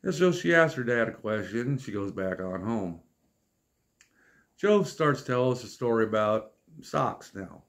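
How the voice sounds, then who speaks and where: A man in his late fifties tells comic stories in a relaxed, chatty way. He sounds exasperated and deadpan, with dry wry asides. His voice sits in a middle pitch. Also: unhurried. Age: 50s. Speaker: storyteller vlogger. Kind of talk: casual comic storytelling.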